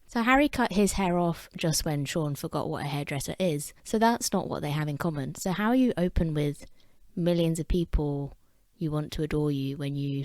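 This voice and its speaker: In a dry recording, an English-accented woman speaks in a deep voice with a darkish tone. She's a vlogger giving casual commentary straight to camera, wry and talkative, and given to poking fun at herself.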